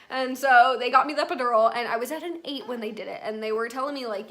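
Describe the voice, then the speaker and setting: A young woman tells a personal story straight to her viewers, calling them y'all. Her voice sits high and sounds bright and forward. She keeps the delivery loose, casual and talkative. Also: quick pace, few pauses. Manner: chatty, addresses viewers as y'all. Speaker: vlogger.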